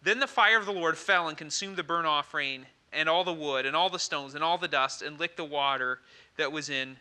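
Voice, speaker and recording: A man preaching a sermon as pastor, retelling a story in a lively way with frequent asides to the congregation. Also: fairly high pitch, brisk, clean tone.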